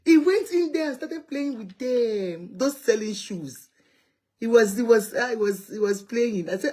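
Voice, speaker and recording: A Nigerian woman with a Nigerian accent, hosting a live call-in show, talking in an animated, chatty way and ranting about public affairs from inside a car. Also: a little high, a little slow. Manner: animated, chatty, rants and pleads. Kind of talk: opinionated live social commentary.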